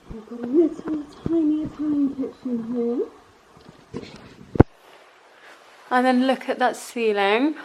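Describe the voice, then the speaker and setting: A woman's voice: a little high, noisy background. A British woman chatting enthusiastically through a travel vlog, gushing as she shows things off. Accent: British English. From Britain. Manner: bubbly, gushing, chatty tour-guide talk. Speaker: vlogger.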